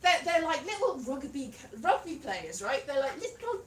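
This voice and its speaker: A Welsh woman doing live stand-up comedy in a pub venue, animated and breaking into shouted Welsh words. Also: sits high, moderate pace, slight background noise. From Wales. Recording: roomy live room from a distance.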